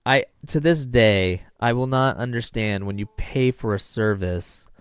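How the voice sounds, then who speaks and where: A man's voice: medium pitch, measured pace, clear, resonant tone, dry recording. Ranting man on a podcast. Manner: animated, opinionated ranting. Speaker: podcast co-host. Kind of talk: casual chat.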